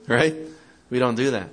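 A man with a mid-range, fairly bright voice preaches a sermon to parents, animated and a little slow. He asks the audience questions and acts out quoted excuses in a mocking tone.

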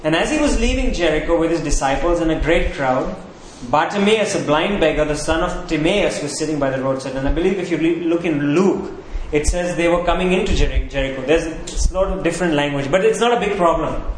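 A man preaching a sermon as pastor, emphatic, repeating key phrases and slowing down on them. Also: on the high side, a little hiss or hum. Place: church sanctuary. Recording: very echoey hall, faint ambience.

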